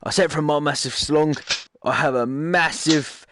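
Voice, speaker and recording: A man's voice: fairly high pitch, unhurried, background noise. A man giving casual gameplay commentary, rambling and joking, often cutting himself off to correct what he just said. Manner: rambling, jokey, self-correcting asides. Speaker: gaming YouTuber.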